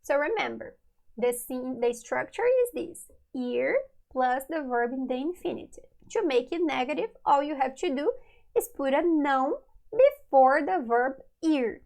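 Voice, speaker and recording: A woman's voice: sits high, lively intonation, a little slow, creaky, darkish tone, low-quality recording. A woman teaching a lesson, patiently repeating each example. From Brazil. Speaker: Portuguese teacher. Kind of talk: online language lesson.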